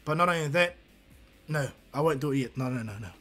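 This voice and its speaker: A man's voice: mid-range voice, expressive, fairly quick, a bit bright, faint music behind. A man voicing a laid-back grown male ninja teacher with a wry, grumbling way of talking, in a fan story.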